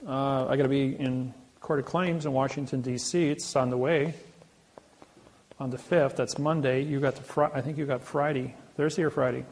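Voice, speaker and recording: Gravelly boastful man telling stories. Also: mid-range voice, moderate pace. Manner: boastful, animated storyteller with repeated restarts. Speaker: seminar speaker. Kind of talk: storytelling talk to an audience.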